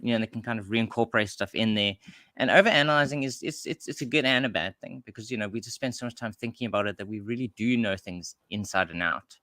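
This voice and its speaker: A South African man with a bright, forward voice talks loosely on a podcast. He circles his points with restarts and chuckles. The sound is dry and close. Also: lowish voice, quick pace, no echo. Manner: rambling, with frequent restarts and laughs. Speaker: podcast co-host. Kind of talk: casual podcast chat.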